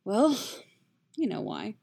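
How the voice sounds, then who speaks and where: A woman reading the lines of a wry, tipsy male bard in a slow, unhurried storybook reading. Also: medium pitch, wildly swooping pitch, gravelly, dark tone, husky, heavily acted. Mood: rueful. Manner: dry, rueful, slurs slightly from drink.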